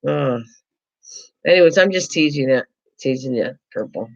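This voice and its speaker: A woman's voice: a bass voice, lively intonation, moderate pace, vocal fry, dull audio. A woman hosting a casual craft livestream, rambling and chatty, playfully teasing her viewers.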